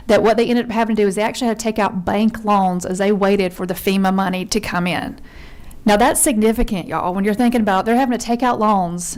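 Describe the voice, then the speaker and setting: A woman from Georgia testifies before a legislative committee in an earnest, conversational way, dropping a friendly y'all now and then. She talks quickly and keeps going without pause, in a voice of middling pitch for a woman. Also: a little mellow. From Georgia, USA. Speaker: member service consultant testifying to a committee.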